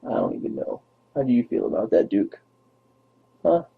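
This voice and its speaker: Husky young man, tinny lo-fi audio. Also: mid-range voice, big pitch swings, normal speed. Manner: rambling, playful, babying talk. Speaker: vlogger. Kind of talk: casual talk to his dog on camera.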